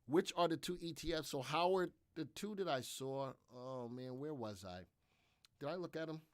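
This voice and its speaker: A man hosts a live trading session with a somewhat high, energetic voice. He repeats his points and fields viewer questions as he narrates his trades. He is recorded dry and close to the mic. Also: normal speed, no room sound. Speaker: trading educator hosting a live trading room.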